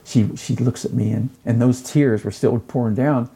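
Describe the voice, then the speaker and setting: A man's voice: mid-range voice, normal speed, vocal fry, husky. A middle-aged man, a chef and lecturer, telling stories effusively in a casual conversation. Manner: effusive, animated storytelling.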